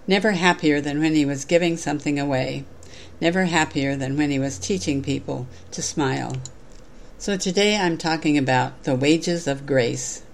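A woman giving a sermon, reading a story aloud in a measured, clear way. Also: deep voice.

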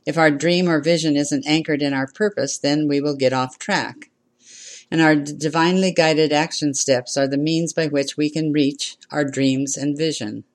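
A minister delivering a sermon in a measured way, repeating phrases and inviting the congregation to respond. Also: mid-range voice.

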